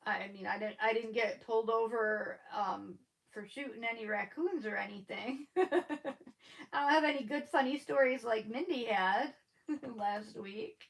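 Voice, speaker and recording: Slow, gravelly woman with a lisp. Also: on the high side, rough recording. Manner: rambling, chatty, laughs often. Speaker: live-stream host. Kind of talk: casual chat with live viewers.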